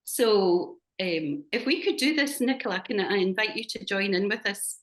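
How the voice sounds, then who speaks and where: Scottish woman facilitator, gentle and measured, video-call sound; leads a group exercise. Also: mid-range voice, lively intonation. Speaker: workshop facilitator.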